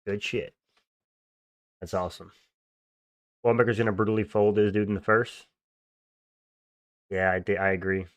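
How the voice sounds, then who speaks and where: A man's voice: lowish voice, little pitch movement, moderate pace, long pauses, no room sound. A young man hosting a livestream, chatting casually and answering viewer comments in slangy, offhand talk. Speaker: livestream host.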